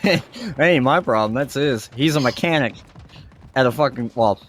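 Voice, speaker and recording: A man telling a story on a casual podcast, full of swearing and acted-out quotes of the people involved. His pitch sits in the middle range for a man. There is a faint hiss of noise under his voice. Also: normal speed. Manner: profane storyteller acting out quotes. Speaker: podcast co-host.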